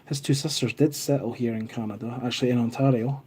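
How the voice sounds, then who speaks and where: A man's voice: medium pitch, steady tone, quick pace, warm tone, a little hiss or hum. A Scottish man in his thirties, hosting a casual live stream from home and chatting as he reads out viewer comments. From Scotland. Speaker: livestream host. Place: home in Canada.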